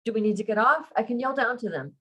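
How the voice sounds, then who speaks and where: A woman's voice: on the high side, expressive, fast talker, a bit bright, husky, pitched above the performer's own voice. Woman voicing a worried, protective young man. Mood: alarmed. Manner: urgent, anxious questions.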